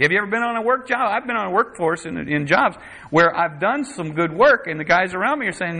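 A man's voice: high-pitched, sing-song, a little fast, sharp tone, slight background noise. A man preaching a conversational sermon, quoting scripture in a dramatic voice. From United States.

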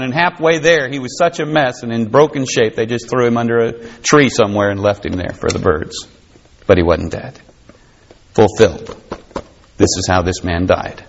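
A male preacher giving a sermon, reading scripture aloud and commenting with folksy asides and chuckles. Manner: swings between high excited bursts and low grave stretches. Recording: dull lo-fi sound.

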